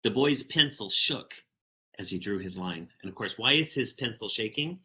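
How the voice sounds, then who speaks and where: A man's voice: on the low side, lively intonation, normal speed, pushed and bright, dull audio. A man giving a conference talk, animatedly reading a picture book aloud and telling stories to the audience. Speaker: keynote speaker.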